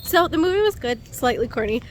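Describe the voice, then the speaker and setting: This vlog host talks to camera in a high, sing-song voice and at a fast clip, with a little hiss or hum audible. Friendly and rambling, she addresses her viewers as "y'all" and "guys."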